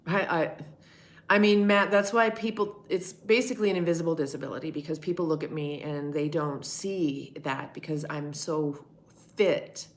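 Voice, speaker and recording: Low-voiced middle-aged woman chatting frankly. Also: fairly even intonation, normal speed. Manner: candid, rambling, swears freely. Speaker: livestream host answering chat. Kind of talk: casual live-stream chat.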